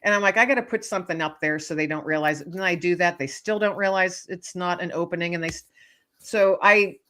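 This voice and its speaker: A woman author chatting as a guest, her voice pitched low but bright and forceful. She tells stories with lots of energy, acting out the voices and laughing along with them. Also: fairly quick. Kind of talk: casual storytelling interview.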